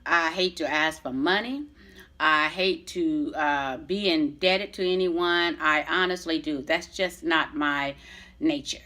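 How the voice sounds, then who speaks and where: A woman's voice: sits low, slow, sharp tone. Blunt, profane middle-aged woman vlogging. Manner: blunt, profane, chatty retelling with many restarts. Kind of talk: casual storytelling to camera.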